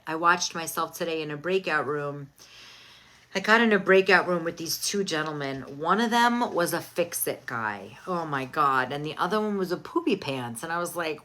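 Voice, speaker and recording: A woman's voice: deep voice, pushed and bright. A middle-aged woman host in casual, candid chat, talking expressively about her week.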